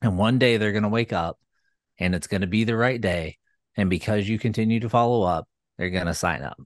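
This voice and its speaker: A man with a very deep voice, co-hosting a show for gym owners. He talks in a relaxed, agreeable way and often retells calls with clients. The sound is close and dry. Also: fairly quick, no room sound. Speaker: co-host, gym follow-up coach. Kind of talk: casual chat.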